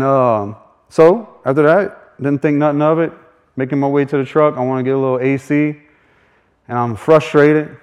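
A man's voice: mid-range voice, darkish tone, smooth, lo-fi sound. A man sharing a faith testimony as a folksy, chuckling storyteller who acts out the voices of people in his story. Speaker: speaker sharing a personal testimony.

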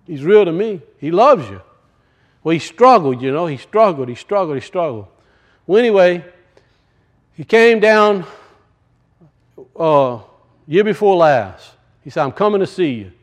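A man preaching a sermon and telling a personal story, swinging from loud bursts to hushed, quiet lines. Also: on the high side, sing-song, measured pace, pauses often. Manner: rises loud then drops to hushed, storytelling.

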